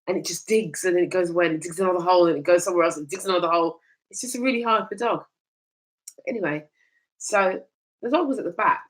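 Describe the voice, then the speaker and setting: A woman hosting a chat show, telling stories in a lively way and laughing often. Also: on the low side, fast, poor audio. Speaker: host.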